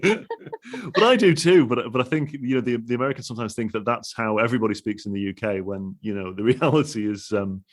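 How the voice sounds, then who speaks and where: A man's voice: medium pitch, fast talker. A man hosting an interview, talking casually with many restarts and laughs. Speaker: podcast host.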